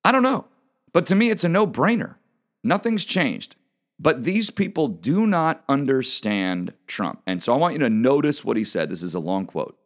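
An emphatic man delivers a political commentary monologue with a lively, swinging pitch. He repeats himself for emphasis and talks straight to his listeners. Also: normal speed. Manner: emphatic, repetitive, addresses audience directly.

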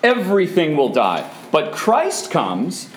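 A man's voice: fairly high pitch, huge pitch swings, takes it slowly, slight background noise. A man preaching a sermon, emphatic and firing rhetorical questions at his listeners. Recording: echoey room.

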